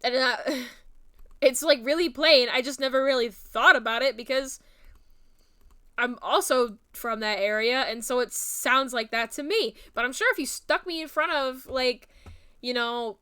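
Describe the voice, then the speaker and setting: Bright, giggly woman with a Jersey accent. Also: sits high, unhurried, smooth. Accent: New Jersey / Philadelphia area. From New Jersey, USA. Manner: rambling, giggly, self-mocking. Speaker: streamer. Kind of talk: casual chat.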